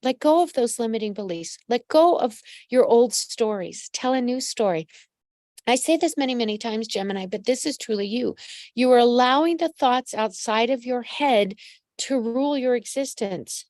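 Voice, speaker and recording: A woman psychic medium hosts a live reading in a fairly high voice, recorded close and dry with no room sound. She coaches listeners directly and keeps calling them honey and darling. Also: lively intonation, moderate pace, darkish tone, dry recording. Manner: affectionate, calls listeners pet names. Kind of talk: live-streamed astrology reading.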